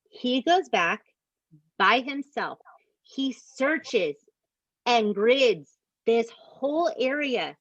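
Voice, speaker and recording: A fairly high-voiced woman recaps a true-crime case for her co-hosts, swearing freely and leaning hard on her outrage. The sound is dry and a little dull, like a home podcast mic with the highs rolled off. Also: extremely slow, pauses often, dry recording. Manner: animated, profane, emphatic asides to co-hosts. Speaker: podcast host. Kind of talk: casual true-crime storytelling.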